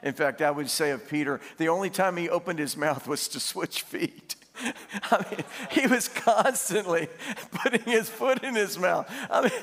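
A man preaching a sermon, animated and laughing as he tells stories and asks the congregation questions. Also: high voice, normal speed. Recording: long hall reverb.

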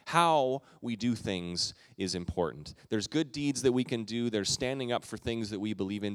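A middle-aged man preaching a sermon as the pastor of his church, telling stories in a relaxed, conversational way with quick asides. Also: lowish voice, no room sound. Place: church sanctuary.

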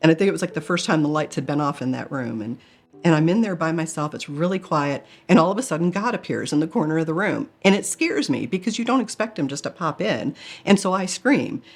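A woman's voice: deep voice, animated, fairly quick. A middle-aged woman candidly telling a personal story in a testimony style, earnest with flashes of self-mocking humor. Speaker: guest telling a near-death experience.

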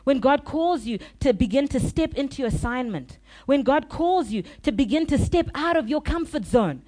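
A woman pastor preaches with a lively, swooping voice that sits a little high. She tells stories on herself and laughs along the way. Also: normal speed. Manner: animated, confessional storytelling with laughter. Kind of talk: sermon.

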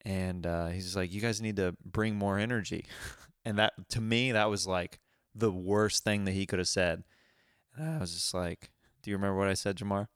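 A man chats casually as a co-host, his lowish voice bright and forward. He tells stories loosely, full of fillers and quick laughs, and the sound is close and dry. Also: clean tone, no room sound. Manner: laughing, animated storytelling with many fillers. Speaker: podcast co-host. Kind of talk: casual chat.

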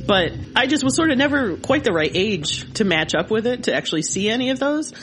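A woman in her forties from Michigan, co-hosting a podcast and telling a childhood story in a lively, casual way. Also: fairly quick, over music. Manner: animated, rises in pitch when excited. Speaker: podcast co-host.

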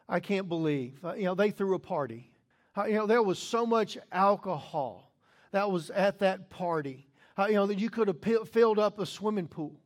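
High-voiced pastor preaching a sermon. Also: male voice. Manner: swings between loud emphatic lines and low quiet asides.

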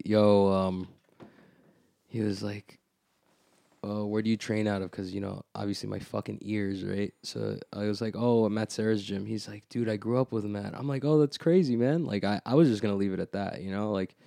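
Casual male podcast storyteller: slightly low voice, slangy, swears a lot, recorded close and dry. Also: vocal fry, no echo. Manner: animated storyteller, heavy "like", frequent swearing.

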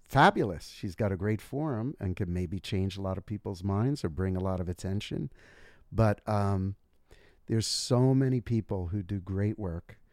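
A man talking as an interview guest, thoughtful and measured, explaining his views carefully. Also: fairly low pitch, expressive, darkish tone, no echo, clean studio sound. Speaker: guest author. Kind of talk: casual interview talk.

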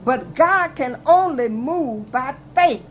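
A woman pastor preaches a radio sermon in a high voice. She reads scripture in old-fashioned wording and drives her points home with repetition and fervor. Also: lively intonation, takes it slowly, a little hiss or hum. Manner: fervent preaching, reads scripture in King James wording, repeats phrases.

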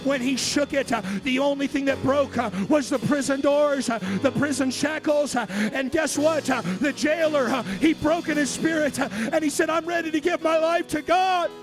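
A male pastor preaching a sermon, emphatic, with frequent "uh" between phrases, rising to shouts at climaxes. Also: very high-pitched, fairly even intonation, normal speed, hardly any pauses, over music.

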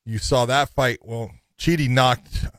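A middle-aged man co-hosting a casual talk show about fights, with a voice at an ordinary pitch. He tells stories in an animated way and breaks down matchups. The sound is close and dry. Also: a little slow, no room sound. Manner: animated storyteller, laughs while telling. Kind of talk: casual chat and fight analysis.

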